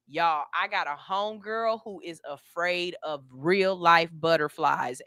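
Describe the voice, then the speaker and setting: A woman hosting a radio show, joking and telling stories in animated, slangy casual chat. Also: lowish voice, no echo, clean studio sound.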